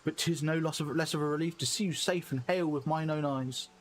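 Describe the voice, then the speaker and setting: A man voicing a calm, gracious elder woman leader in stately, archaic phrasing. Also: a little high, fairly quick, slight background noise, lightly acted.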